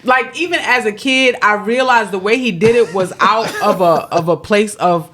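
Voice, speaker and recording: A woman's voice: mid-range voice, normal speed, slight background noise. A woman co-hosting a casual podcast chat, telling childhood stories with lots of laughter and acted-out quotes. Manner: animated storyteller, acts out quoted voices, laughs often. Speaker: podcast co-host.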